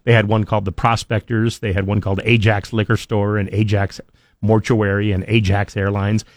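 A laid-back male co-host on talk radio with a somewhat low voice. His studio microphone sounds dry and close, and he chats in an easy, unhurried way. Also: level tone, no room sound. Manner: laid-back, short acknowledgments.

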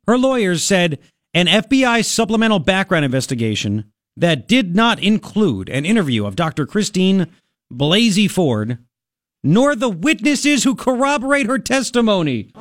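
A man's voice: high-pitched, sing-song, normal speed, dry recording, studio quality. A man hosting a talk radio show, ranting in a sarcastic, mocking and exasperated way. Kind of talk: opinionated talk radio monologue. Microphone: studio microphone.

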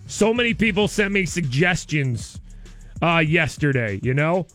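A man's voice: on the high side, very animated, unhurried, fairly bright tone, faint music behind. A man hosting a radio show, talking in a casual, playful way and laughing often.

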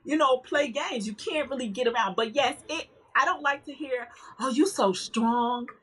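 A woman being interviewed, her voice a touch high and breathy-husky. She speaks frankly and with conviction, laughing easily between points. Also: normal speed, a bit bright, low-quality recording. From northern United States. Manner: emphatic, outspoken, laughs often. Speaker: podcast guest, life coach. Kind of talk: candid conversational interview.

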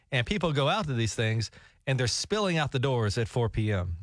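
A man's voice: mid-range voice, big pitch swings, brisk, fairly bright tone, no room sound, studio quality. A man on a talk show, telling a rambling, jokey travel story with laughs. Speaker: radio show co-host. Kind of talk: casual storytelling chat.

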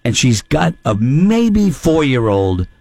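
A male radio host chatting eagerly into a studio microphone. His pitch swings up and down a lot, and the sound is dry and close. He talks in loose, friendly bursts full of fillers and restarts. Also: big pitch swings, slow, vocal fry, darkish tone, no echo. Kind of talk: casual radio chat.

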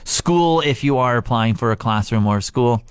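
A man's voice: mid-range voice, expressive, moderate pace, smooth, dry recording, studio quality. A man co-hosting a morning radio show, chatting in an earnest, upbeat way. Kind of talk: casual morning radio chat.

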